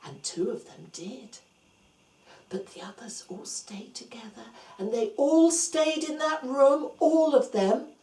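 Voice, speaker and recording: A high-voiced woman tells a Bible story to small children at a very unhurried pace, her voice swooping widely in pitch. She shifts between hushed whispers and bright exclamations, and the room around her is echoey. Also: animated.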